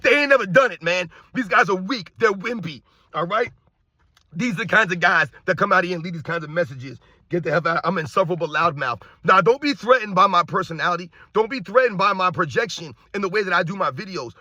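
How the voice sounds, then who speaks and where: Brief: middle-aged man, loud combative sports rant, bright edge, dry close mic. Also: high voice, fairly quick, no echo. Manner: loud, projecting, animated, combative. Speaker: sports commentary YouTuber.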